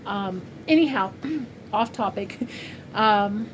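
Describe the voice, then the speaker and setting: Speaking slowly and expressively at medium pitch, a Californian woman in her 50s shares a casual personal vlog for her crochet channel. She rambles heartfeltly with plenty of fillers, recorded at home with noticeable noise.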